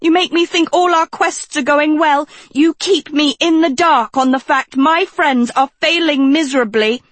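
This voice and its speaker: A woman reading a storybook, voicing a vain, dramatic teenage girl who purrs and then rises into shrill indignation. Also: moderate pace, dry recording, natural voice. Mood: indignant.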